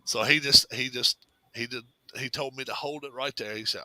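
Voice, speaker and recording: A man's voice: mid-range voice, steady tone, normal speed, bright, forceful tone, no room sound, low-quality recording. A man telling a funny childhood story in a casual chat, drawling and acting out what others said. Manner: drawling, laughing storyteller who acts out quotes.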